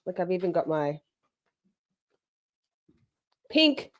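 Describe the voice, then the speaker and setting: A woman's voice: lowish voice, big pitch swings, fairly quick. A woman hosting a casual livestream from home, chatty and bubbly, swearing freely and greeting her viewers. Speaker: livestream host.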